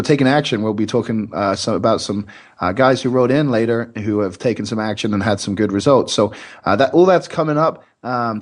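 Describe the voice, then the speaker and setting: A man co-hosts a podcast in a relaxed, friendly way, filling his talk with ums and uhs as he welcomes the audience. His pitch is an ordinary middle range for a man. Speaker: podcast co-host. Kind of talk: casual podcast chat.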